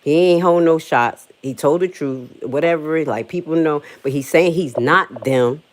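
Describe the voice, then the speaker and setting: A young woman, hosting a livestream and ranting bluntly with profanity, her voice jumping high when she gets emphatic. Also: unhurried. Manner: animated, jumps to high excited pitch when emphatic; blunt, profane street talk. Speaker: livestream host. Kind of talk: casual livestream rant.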